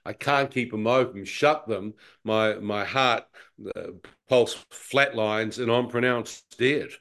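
Animated man telling his story. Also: medium pitch, slow pace. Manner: animated storyteller, acts out his own thoughts, slangy. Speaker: guest telling a near-death testimony. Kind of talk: conversational personal testimony.

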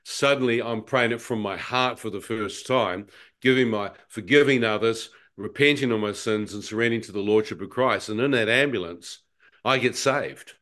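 Animated man telling his story. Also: on the low side, moderate pace. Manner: animated storyteller, acts out his own thoughts, slangy. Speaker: guest telling a near-death testimony. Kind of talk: conversational personal testimony.

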